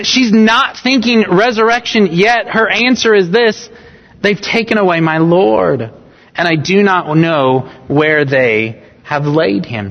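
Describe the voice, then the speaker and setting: High-voiced male pastor in a reverberant hall. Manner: earnest, rising in emphasis, rereads phrases with different stress. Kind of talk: sermon. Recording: dull sound with long hall reverb.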